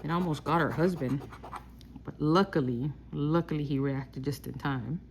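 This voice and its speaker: A woman hosting a casual vlog, reading out scratch-off symbols slowly one by one. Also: sits low, vocal fry, a little hiss or hum. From Texas. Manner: slow, reads out symbols one by one while scratching. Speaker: lottery scratch-off vlogger.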